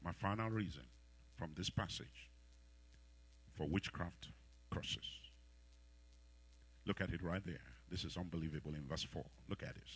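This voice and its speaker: A pastor preaching a sermon. He leads the congregation in call-and-response prayer, tells stories in animated voices and rises to loud shouts. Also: low voice, a little slow, long pauses, husky. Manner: animated storytelling with voiced characters.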